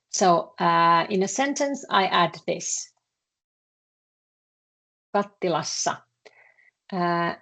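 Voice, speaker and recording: Her voice is lowish and fairly bright in tone, with vocal fry, as she teaches a language lesson in a Finnish accent. She explains haltingly, repeating words and using many fillers.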